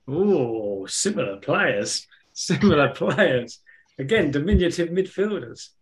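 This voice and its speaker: A man's voice: a little high, sing-song, slow pace. A man co-hosting a podcast, quizzing his friend in casual banter and laughing often as he thinks aloud. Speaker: podcast co-host. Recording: podcast recorded at home.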